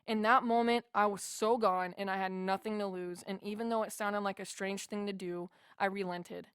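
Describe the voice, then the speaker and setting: A woman's voice: medium pitch, fairly even intonation, moderate pace, clear, resonant tone, no room sound, studio quality. A woman narrating a first-person memoir as an audiobook, in an earnest, heartfelt way.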